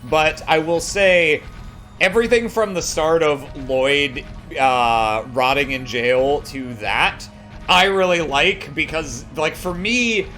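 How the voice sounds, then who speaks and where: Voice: medium pitch, slow, fairly bright tone, faint music behind. A streamer chatting casually about a game, rambling and swearing freely. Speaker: let's play streamer. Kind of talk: casual chat over a game.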